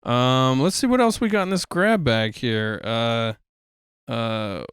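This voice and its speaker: A man co-hosting a podcast, talking casually and telling funny family stories. His voice is smooth and clean, with a middle pitch. The sound is dry and close, with no room around it. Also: slow pace, no echo. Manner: storytelling, jokey, animated impressions. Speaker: podcast co-host. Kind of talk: casual chat.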